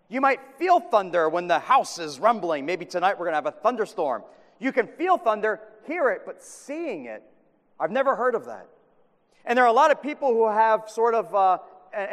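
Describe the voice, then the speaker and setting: A man preaching a sermon in a high, light voice that rings out with a long hall reverb. He delivers with drama, pressing hard on key words and then sinking to a hush. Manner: dramatic, swings from loud emphasis to hushed awe.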